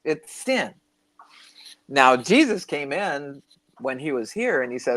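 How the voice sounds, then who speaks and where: A man's voice: mid-range voice, sing-song, slow, long pauses, a bit bright. An older man, co-host of a spiritual talk show, telling rambling stories in casual chat and now and then losing his train of thought. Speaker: podcast co-host.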